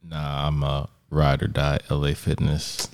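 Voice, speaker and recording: Low voiced guy cohosting a podcast, calm, keeps things on track. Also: a little slow. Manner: calm, steers the talk back on topic. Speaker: podcast co-host. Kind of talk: casual podcast chat.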